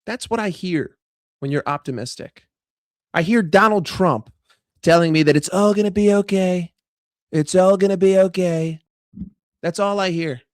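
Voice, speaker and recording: A high-pitched man with a New York accent rants in a heated, sarcastic way, swearing freely as he vents about his football club. His voice is recorded close and dry, with almost no room sound. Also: normal speed, dry recording. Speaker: football fan vlogger. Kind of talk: ranting fan commentary.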